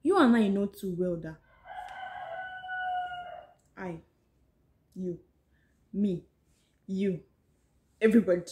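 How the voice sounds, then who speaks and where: A woman's voice: medium pitch, mellow, roomy sound. A woman with a Nigerian accent chatting casually to her viewers in a book-summary vlog, often saying "so yes" and talking to them directly. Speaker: vlogger.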